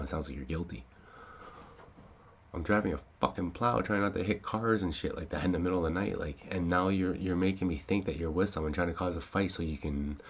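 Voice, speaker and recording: A man with a deep, husky voice hosts a casual talk-show podcast. He rambles with many fillers and restarts, swearing when he gets upset.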